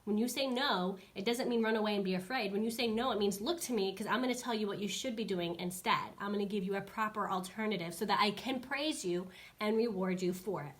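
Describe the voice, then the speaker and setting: A woman in her thirties, a dog trainer on a casual live stream, talking in a chatty, animated way. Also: fast. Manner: chatty, animated, acts out dogs and kids in high squeaky voices.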